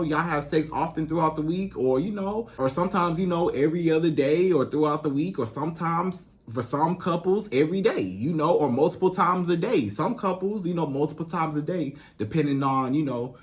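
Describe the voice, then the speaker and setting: A man working as a relationship coach, giving casual advice straight to his female viewers in a loose, chatty way full of "you know". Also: on the high side. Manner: addresses female viewers directly. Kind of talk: casual advice monologue to camera.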